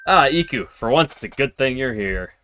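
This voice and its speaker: A man's voice: mid-range voice, expressive, moderate pace, sharp tone. A man voicing a spoiled, selfish young female heiress who talks bluntly and dismissively. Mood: haughty.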